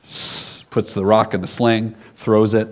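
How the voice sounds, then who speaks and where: A man's voice: fairly low pitch, little pitch movement, measured pace, slight background noise. A man, a pastor, giving a casual storytelling sermon, often laughing and acting out the characters.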